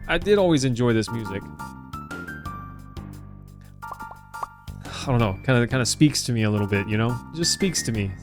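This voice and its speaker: A man's voice: medium pitch, animated, fast talker, hardly any pauses. Man streamer, friendly and chatty, talking to his viewers over faint game music. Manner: chatty, addresses viewers as team and buddy. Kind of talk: casual live-stream chat.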